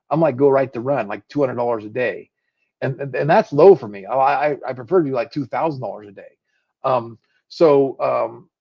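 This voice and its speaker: A man with a somewhat high voice hosts a live webinar, casually narrating what he clicks. He talks in loose bursts with restarts. The sound is dull and lo-fi, like a video call. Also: darkish tone. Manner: chatty, with restarts, narrating his screen. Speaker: webinar host. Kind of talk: live webinar screen-share demo.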